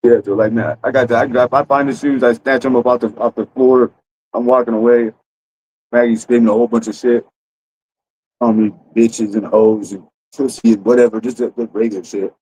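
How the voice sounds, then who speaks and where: A man's voice: mid-range voice, flat delivery, a little fast, darkish tone, a little hiss or hum, low-quality recording. A man telling a rambling, profane story to his livestream audience in a casual way, full of restarts. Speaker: streamer.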